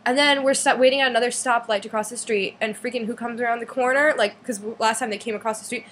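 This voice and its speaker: A teenage girl rattles off a story to her camera in a chatty, bright voice. She fills it with "like" and pops up into a higher voice for the lines she quotes. Faint noise hums behind her. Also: steady tone, fast talker. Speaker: fan vlogger. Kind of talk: casual storytelling vlog.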